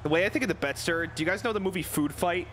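A man's voice: high-pitched, racing, a bit bright, a little hiss or hum. A man streaming a video game with casual, joking commentary and frequent swearing.

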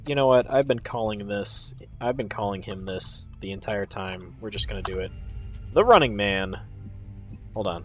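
A man hosting a video game playthrough, talking casually in a goofy, rambling way with mock-grand announcements. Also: lowish voice. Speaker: let's play host. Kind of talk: casual gameplay commentary.

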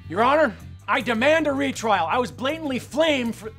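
A woman's voice: fairly high pitch, animated, moderate pace, close to an everyday voice. An actress playing an indignant woman demanding a retrial, in a comedy series outtake with music behind. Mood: protesting. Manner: indignant, protesting loudly.

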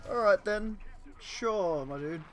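High, lively male game streamer. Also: background noise. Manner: chatty, talks to teammates on screen, swears freely; cheerful, quick to laugh. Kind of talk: casual gameplay commentary.

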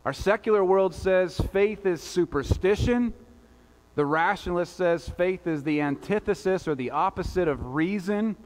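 A male pastor preaching a sermon in a conversational style, with rhetorical asides to the congregation. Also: a little high. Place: church sanctuary. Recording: long church reverb.

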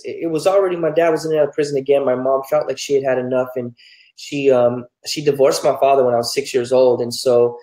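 A man's voice: medium pitch, darkish tone, reverberant, low-quality recording. A man from New Mexico, a pastor telling his life story candidly and earnestly in an interview. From New Mexico, United States.

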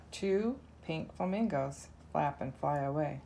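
A woman reading a children's counting book aloud, counting softly and slowly. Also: low voice, animated. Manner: slow, soft counting. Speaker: narrator.

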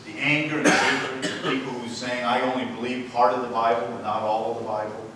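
A man's voice: medium pitch, little pitch movement, fairly quick, pushed and bright, slight background noise. A man preaching an emphatic sermon as pastor in a church, often repeating his key phrases. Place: church sanctuary. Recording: echoey church heard from far off.

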